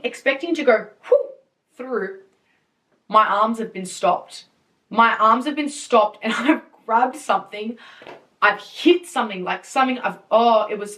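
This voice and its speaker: A young woman hosting a podcast, telling a story in a casual, animated way, with lots of fillers, swearing and laughter. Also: on the high side, distant mic. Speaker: podcast host. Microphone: podcast mic.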